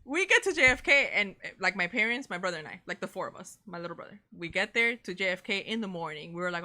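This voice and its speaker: A young woman, co-hosting a casual chat and telling a story in an animated way, swearing freely and saying "bro" a lot. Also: medium pitch, quick pace, hardly any pauses. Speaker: co-host of a reaction channel.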